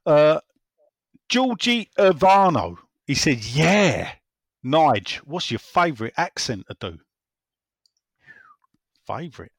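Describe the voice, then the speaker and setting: A man's voice: on the high side, big pitch swings, slow, creaky, long pauses, dry recording. A man hosting a casual football fan chat, rambling and repeating himself as he reads out listener messages. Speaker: football podcast host reading listener messages.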